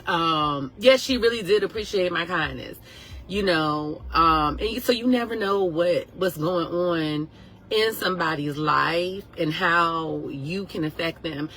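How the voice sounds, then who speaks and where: A woman in her thirties, a nurse, telling a personal story casually to viewers, animated and emotional, acting out what others said. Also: lowish voice, unhurried, rough recording. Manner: animated, emotional, acts out quotes.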